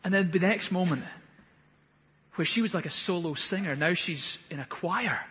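A pastor in his thirties gives a sermon from the front of a church hall in a fairly high, husky, fairly bright voice at a moderate pace. He is earnest and rises into fervent, emphatic bursts, and a long hall reverb trails each phrase.

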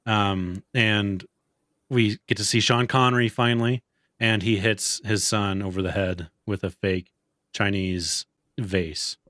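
Brief: young male podcast co-host, lowish voice, dry close sound, animated movie chat. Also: a little slow, dry recording. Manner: animated, acts out movie quotes in a high voice. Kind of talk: casual movie discussion.

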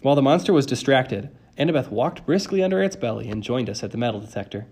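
Casting: male audiobook narrator, mid-pitched, steady and wry first-person storytelling. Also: quick pace, husky. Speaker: audiobook reader.

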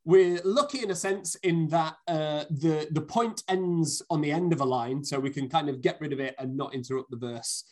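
A man's voice: a little high, normal speed, hardly any pauses. A man hosting a podcast, asking questions in an enthusiastic, articulate way. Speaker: podcast host. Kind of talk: casual podcast conversation.

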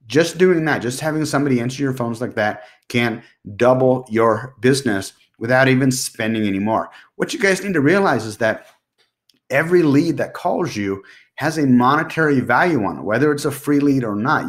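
Male podcast host, mid-range voice, blunt and insistent coaching tone. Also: medium pitch. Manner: direct, emphatic advice with repeated points. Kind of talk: solo business podcast monologue.

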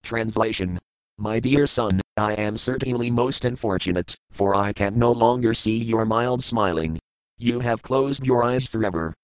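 A man reading scripture verses aloud, giving each word's meaning and then the translation in a measured, deliberate recitation. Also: on the low side, clear, resonant tone, dry recording, low-quality recording. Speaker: scripture reader.

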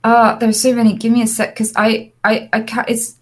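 A young adult woman, an interview guest, telling lively personal anecdotes with frequent fillers and restarts. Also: fairly high pitch, normal speed. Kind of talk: casual storytelling.

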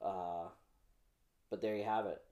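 Casual young male vlog host, mellow warm tone, loose rambling delivery. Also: low-pitched, steady tone, measured pace. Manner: chatty, rambling, many fillers and restarts. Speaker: comic preview host.

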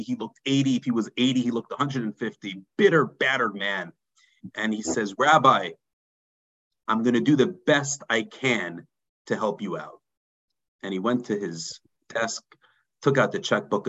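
Man, rabbi, storytelling sermon, dramatic drops in volume. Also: dull audio. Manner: dramatic storyteller, drops low and quiet for emphasis. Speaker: rabbi teaching a mussar class.

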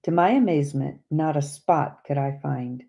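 A woman reading an audiobook chapter aloud in a slow, measured way. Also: deep voice, gravelly, warm tone. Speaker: audiobook reader. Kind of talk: scripted audiobook narration.

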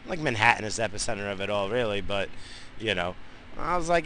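Brief: New guy, dad, heated swear-heavy car rant, forceful bright tone, faint road hum. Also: lowish voice, big pitch swings, quick pace, poor audio. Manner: profane, blunt, heated. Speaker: father vlogging while driving. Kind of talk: rambling casual rant. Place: in a moving car.

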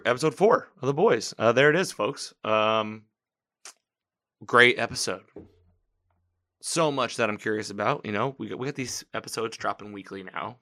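A man hosting a podcast, giving casual, animated commentary as he recaps a TV episode, quoting lines and laughing. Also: lowish voice. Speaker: podcast host. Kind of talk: casual live-watch commentary.

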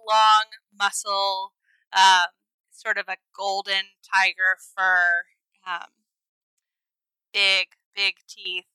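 A woman taking her turn in a tabletop game, speaking slowly with a very bright voice. The sound is dry and close, and she keeps her manner goofy. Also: medium pitch, flat delivery, clear, resonant tone, dry recording, low-quality recording. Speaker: player. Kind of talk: casual tabletop play.

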